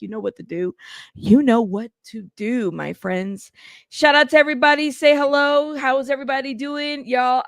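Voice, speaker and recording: Uma mulher apresentando uma live casual, conversando com o chat de forma tagarela, recomeçando frases, cansada e frustrada. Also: female voice, high-pitched, dry recording, studio quality. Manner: chatty, greets chat by name, rambling restarts. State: tired and frustrated. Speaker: livestream host.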